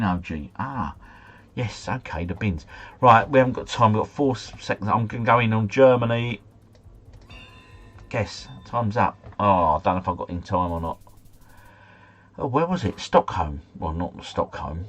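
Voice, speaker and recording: Low husky man commentating a game. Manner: chatty, mutters asides, mild swearing, easily flustered. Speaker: streamer playing a geography game. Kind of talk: casual live commentary.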